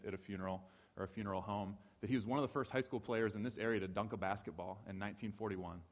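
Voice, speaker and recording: A man from Ohio giving a sermon-style talk, telling stories with animation and repeating key phrases for emphasis. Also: on the low side. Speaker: speaker. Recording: reverberant hall.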